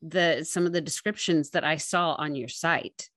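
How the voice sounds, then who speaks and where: A woman's voice: low-pitched, steady tone, moderate pace, fairly bright tone, no echo, studio quality. A woman interviewing a guest, interjecting with short remarks. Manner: brief interjections. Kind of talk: conversational interview.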